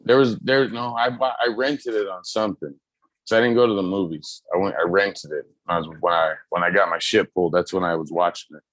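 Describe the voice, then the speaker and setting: A man co-hosting a casual pop culture chat, talking loosely with lots of swearing and excited retelling. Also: sits low, brisk, no room sound. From United States. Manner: loose, profane, excitable storytelling. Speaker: podcast co-host.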